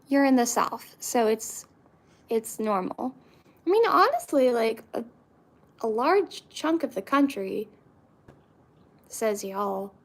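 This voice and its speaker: Young woman vlogging, kinda high voice, rambly and chatty, lots of likes and restarts. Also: big pitch swings, takes it slowly, pauses often. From Central Florida, US. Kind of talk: casual chat to camera.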